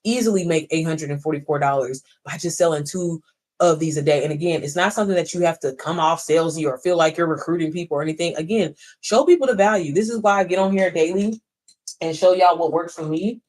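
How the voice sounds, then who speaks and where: A woman's voice: low-pitched, fast talker, darkish tone. A woman in her thirties giving a casual, emphatic pep talk to viewers on a phone livestream from home, mixing swearing with encouragement. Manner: emphatic, preachy, swearing, talks straight to viewers. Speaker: online business coach.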